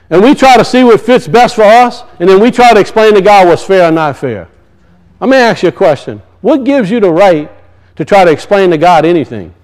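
Man, very high voice, preaching, emphatic, repeats himself. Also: darkish tone, low-quality recording. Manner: emphatic preaching, voice rising and falling, repeats phrases. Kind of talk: sermon.

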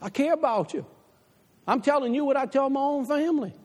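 A male pastor delivers an impassioned sermon, his voice swinging widely from low, hushed asides to soaring high exhortations. The reverb of a big church hall hangs behind every line. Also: animated, a little fast. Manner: impassioned preaching, drops low for quoted advice. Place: church sanctuary.

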